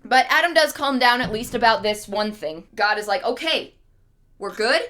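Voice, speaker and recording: Bright-voiced woman, casual storytelling. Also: fairly high pitch, a little fast. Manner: casual, slangy, animated. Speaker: streamer. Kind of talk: comedic storytelling.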